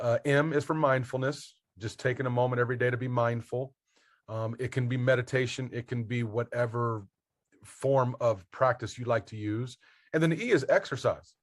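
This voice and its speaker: A man's voice: medium pitch, fairly quick. A man, a basketball coach and mentor, talking as a podcast guest, earnest and motivational as he spells out his acronyms.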